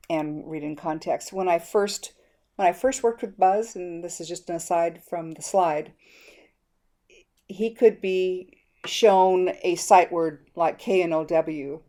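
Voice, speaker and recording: Low, mellow-voiced woman presenting a lesson. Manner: explanatory, demonstrating teacher prompts. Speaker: educator presenting a reading method. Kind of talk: teaching presentation.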